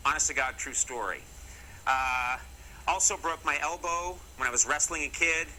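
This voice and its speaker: Middle-aged guy doing comic talk to camera, very bright tense voice, a bit high, faint hiss behind. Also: fairly quick, low-quality recording. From Massachusetts, USA. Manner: jokey, mock-serious storytelling with wry asides. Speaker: comedy show host.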